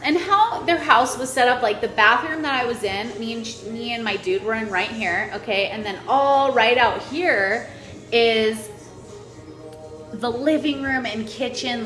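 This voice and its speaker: A woman's voice: on the high side, bright, forceful tone. A young woman telling a crude, laughing storytime to her vlog audience in a casual way. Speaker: vlogger. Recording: echoey room with faint music.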